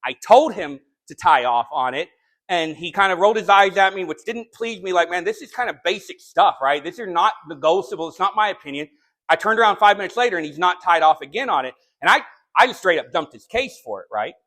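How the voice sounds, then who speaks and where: A man preaching a sermon, telling a story in a conversational way and then building to sharp, shouted rebukes. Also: high-pitched, animated, fairly quick. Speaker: pastor. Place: church sanctuary.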